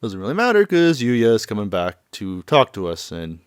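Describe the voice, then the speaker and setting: Young male recapper, casual and chatty, low voice with lively swings, dry sound. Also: moderate pace, clean tone, no echo. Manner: chatty, laughs a lot, loosely acts out characters' lines in raised voices. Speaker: game recap narrator.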